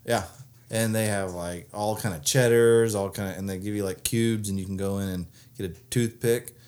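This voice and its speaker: A man's voice: fairly low pitch, steady tone, moderate pace, darkish tone, slight background noise. A man co-hosting a casual chat show, telling rambling stories full of "uh" and "like". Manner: rambling storyteller, many "uh" and "like" fillers. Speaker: co-host.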